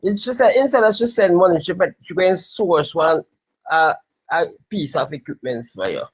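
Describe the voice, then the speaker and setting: Husky, easygoing man. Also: high-pitched, lively intonation, normal speed, poor audio. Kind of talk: casual chat.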